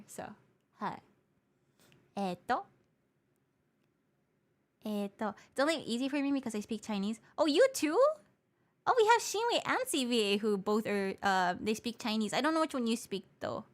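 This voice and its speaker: A woman from Hawaii chatting on a livestream, reading out viewer comments and answering them one by one. She slides between English and Japanese within a single sentence. She explains things patiently and comes back to the same point more than once, in a pitch that sits right in the middle for a woman. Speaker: VTuber streamer.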